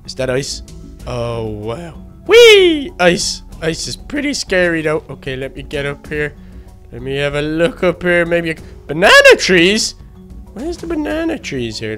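A man voicing a timid, excitable young male baby duck in a game role-play, gasping and easily frightened. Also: sits high, full character voice. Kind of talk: Minecraft role-play narration.

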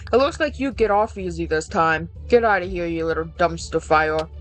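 A woman voicing a gruff, weary male school principal in a lowered voice. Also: normal speed, a bit bright, faint music behind, lightly acted, poor audio.

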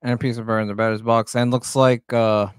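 A man doing live play-by-play of a baseball game on a stream, joking, swearing and shouting on big plays, a bit out of breath. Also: mid-range voice, flat delivery, brisk, clean tone, dry recording, studio quality. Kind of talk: live amateur play-by-play commentary.

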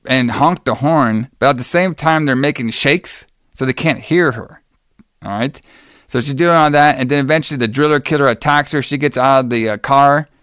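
A man's voice: mid-range voice, a bit bright, smooth, no echo, studio quality. A man hosting a podcast alone, recapping a film in a loose, profane way with lots of fillers. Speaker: podcast host. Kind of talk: casual movie recap.

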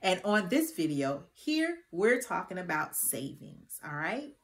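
A woman with a fairly low voice teaches about money from a faith angle at an unhurried, deliberate pace. She talks to her viewers like family, folksy and preacherly, and she moves easily into earnest prayer and steady scripture reading. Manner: reads scripture aloud and prays earnestly. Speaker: host of a Christian financial stewardship channel.

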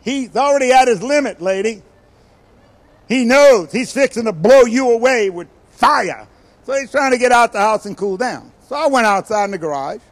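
An older man delivers a sermon as a guest preacher. His voice sits fairly high for a man, and he tells stories with sudden loud, acted-out bursts before dropping into hushed asides. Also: normal speed. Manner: animated storytelling, acts out quoted voices with sudden loud bursts and quiet asides.

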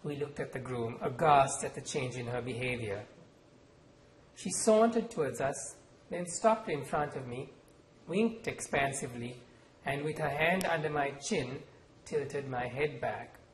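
A man's voice: medium pitch, reverberant, slight background noise, low-quality recording. Sri man reading his own fiction. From Sri Lanka. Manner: measured, expressive storytelling. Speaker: author. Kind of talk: reading his novel aloud. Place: lecture hall at a university event.

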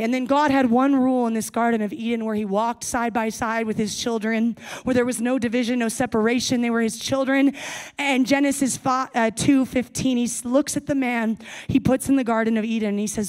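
A woman's voice: on the high side, steady tone, brisk, a little mellow. A young adult woman giving a sermon to a young adults service, speaking casually and playfully with jokey asides.

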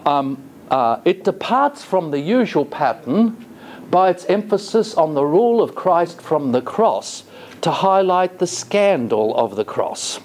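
A man's voice: on the high side, darkish tone, slight background noise. A man giving a college lecture in a classroom. He talks in a thoughtful, hesitating way and keeps asking the class rhetorical questions.

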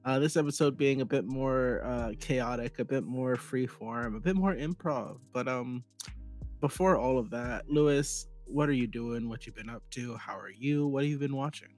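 A man co-hosting a casual podcast, relaxed and self-deprecating as he rambles, with faint music underneath. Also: mid-range voice, moderate pace. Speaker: podcast co-host.

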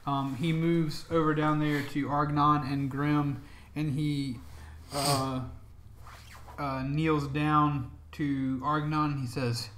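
A man's voice: on the high side, level tone, slow pace, fairly bright tone, echoey room, slight background noise. A man narrating a tabletop game as dungeon master, in a loose, chatty way with plenty of ums and laughs.

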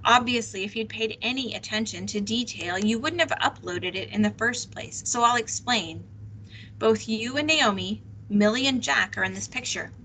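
Lady reading a sharp accusing teen girl detective, bright voice, storybook read-aloud. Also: fairly high pitch, moderate pace, a little hiss or hum, low-quality recording. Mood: cutting. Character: fierce determined teenage girl detective.

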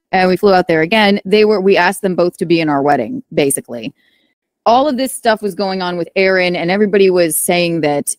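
A woman guest in casual chat, telling stories quickly and acting out quoted remarks. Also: lowish voice, dry recording, clean studio sound.

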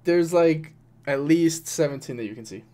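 A man's voice: fairly high pitch, normal speed, mellow. A man narrating as game master in a casual tabletop game, rambling and swearing as he describes the scene.

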